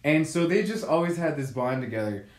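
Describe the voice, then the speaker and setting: A man's voice: on the high side, animated, brisk, reverberant. A man co-hosting a podcast, telling stories in casual chat with frequent swearing and laughs. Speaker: podcast co-host. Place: Korea.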